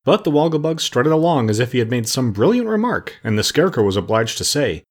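A man reading a storybook aloud in a measured, steady narration. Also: medium pitch. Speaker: audiobook narrator.

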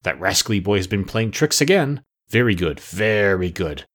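A man voicing a gruff, shrewd old witch in an audiobook, with a husky, lowered voice. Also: sing-song, normal speed, fairly bright tone, full character voice. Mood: gruff scheming. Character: scheming cackling old witch woman. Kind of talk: audiobook character voice.

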